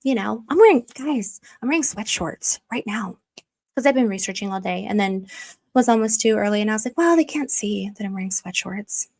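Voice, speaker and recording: A woman's voice: medium pitch, animated, a little fast, a little mellow. A woman hosting a casual livestream from home, gushing over viewers' comments and rambling through stories. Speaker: livestream host reading chat.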